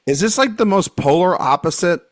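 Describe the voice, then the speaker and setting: A man's voice: high voice, expressive, brisk, dry recording, clean studio sound. A man hosting a podcast in casual, joking chat, rambling and laughing often. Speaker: podcast host.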